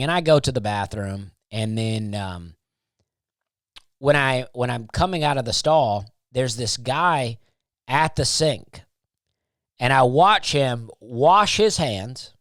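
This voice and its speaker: A man's voice: on the high side, no room sound, studio quality. A man telling a laid-back, rambling comic story about himself, casual and self-mocking.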